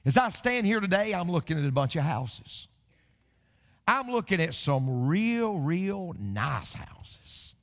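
A male pastor delivers a sermon in a high, animated voice that leaps around in pitch. He mixes jokey stories with scripture and stumbles into the odd restart. The sound carries a long reverb from a church sanctuary. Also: unhurried. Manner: storytelling preacher mixing jokes with scripture, animated delivery; occasional stammering restarts.

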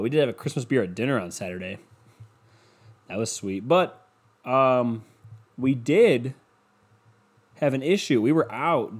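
Profane, rambling man telling stories. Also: a little mellow. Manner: profane, scatterbrained storytelling with sudden high-pitched outbursts. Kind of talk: casual rambling monologue.

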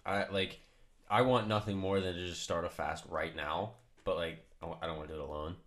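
A man's voice: deep voice, fairly even intonation, a little fast, fairly bright tone. A young man hosting a casual podcast chat, upbeat and steering the talk with questions. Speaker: podcast host.

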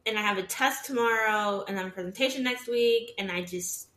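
A woman's voice: mid-range voice, fairly quick. A woman in her twenties chatting candidly on a podcast, laughing often and acting out what others said. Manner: candid, laughing, animated storytelling with quoted voices. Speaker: podcast co-host. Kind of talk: casual chat. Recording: echoey room.

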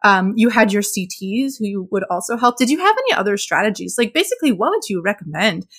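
A woman's voice: mid-range voice, very animated, quick pace, fairly bright tone. Thoughtful woman asking interview questions. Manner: thoughtful, asks questions with "I mean" and "like". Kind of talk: conversational interview.

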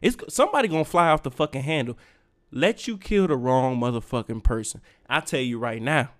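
A man's voice: mid-range voice, animated, fairly quick. A young man hosting a podcast, ranting in a heated, profane, emphatic way. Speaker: podcast host. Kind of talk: solo rant.

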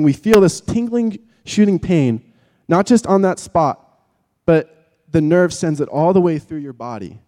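A man preaching a sermon in vivid, dramatic terms, swinging from loud emphasis to hushed tones. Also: on the high side, long reverb tail.

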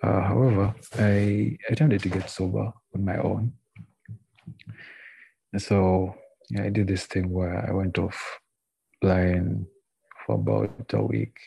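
A young man with a deep, rough, breathy voice tells his story haltingly, restarting his sentences. English is not his first language. His tone is dark and mellow, and the recording is dry and close. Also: level tone, rough recording. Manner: candid, halting, full of restarts. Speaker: guest telling his story. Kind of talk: personal recovery story. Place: indoors, a library.

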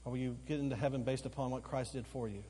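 A male pastor preaching a sermon, swinging between loud emphatic outbursts and slow, quiet, earnest stretches, repeating phrases for emphasis. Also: medium pitch, steady tone, a little hiss or hum. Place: church sanctuary. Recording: long church hall reverb. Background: occasional congregation responses.

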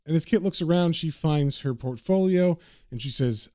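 A man's voice: a little high, expressive, a little fast, mellow, dry recording, clean studio sound. A man casually recapping and reading a comic aloud, with loose filler words. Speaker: comic book reader and recapper.

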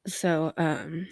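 A woman hosting a casual rewatch recap of a TV episode, rambling with lots of fillers and offhand swearing. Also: low-pitched.

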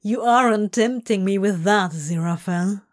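A woman voicing a languid, teasing male demon who speaks softly and draws his words out. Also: normal speed, natural voice. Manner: soft, low and drawn out.

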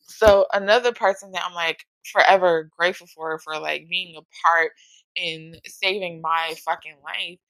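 A woman talking casually and emotionally about music, swearing often, with a gravelly voice. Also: on the low side, steady tone, normal speed, fairly bright tone, dry recording, rough recording.

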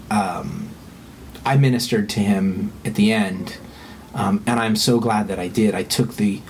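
A man's voice: lowish voice, a little mellow, a little hiss or hum. A middle-aged man telling a personal story in frank, casual conversation, swearing freely and livening up when he quotes people.

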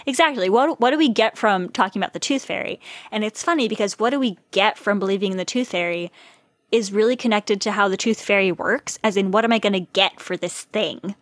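A woman co-hosts a podcast in casual chat, musing on ideas and laughing often. Her pitch sits in the middle. The sound is dry and close. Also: fairly quick, no echo. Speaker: podcast co-host.

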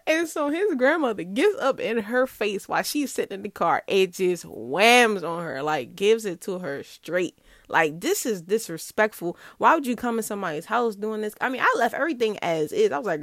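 A young woman telling a personal story in casual chat, animated, laughing often and acting out what people said. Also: mid-range voice, moderate pace, no echo, studio quality.

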